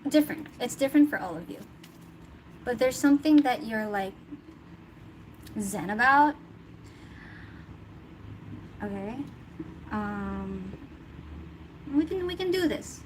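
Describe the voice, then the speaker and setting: A woman's voice: fairly high pitch, lively intonation, slow, long pauses, low-quality recording. A woman giving a casual tarot reading, chatty and thinking aloud, laughing often. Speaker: tarot reader. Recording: noticeable background noise.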